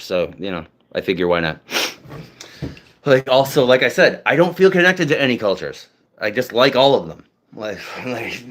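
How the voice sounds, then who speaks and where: A man's voice: lowish voice, fairly bright tone. A young man from New England chatting casually with his viewers, rambling and swearing, with many fillers. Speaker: streamer.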